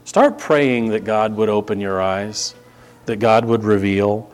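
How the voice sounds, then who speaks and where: A man's voice: fairly low pitch, a little slow, soft background music. A man preaching a sermon as pastor, reading scripture and exhorting the congregation.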